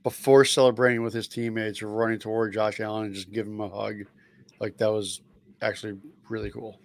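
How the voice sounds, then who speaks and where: A man's voice: lowish voice, flat delivery, fairly quick, creaky, no room sound. A man co-hosting a casual podcast chat, throwing in wisecracks.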